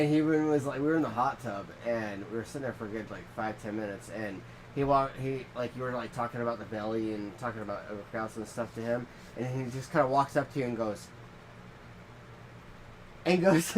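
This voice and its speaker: A man's voice: mid-range voice, brisk, a little hiss or hum, rough recording. A young man co-hosting a podcast, telling stories in slangy casual chat, laughing and acting out what people said. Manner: laughing storyteller, acts out quotes, slangy. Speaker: podcast co-host.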